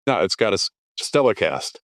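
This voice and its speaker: A man's voice: lowish voice, very animated, moderate pace, a bit bright, dry recording, studio quality. A man chatting on a film podcast, thoughtful, trailing off and restarting as he recalls things. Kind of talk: casual film podcast chat.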